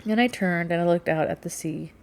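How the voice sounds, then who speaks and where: A woman narrating a first-person novel as an audiobook, in a measured, quiet storytelling manner. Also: on the low side.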